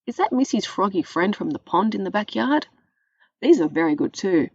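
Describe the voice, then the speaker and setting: Jolly dad figure, put on by a woman storyteller, drawn-out delighted remarks, dry dull sound. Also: medium pitch, very animated, breathy edge, no room sound. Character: jolly middle-aged father judging.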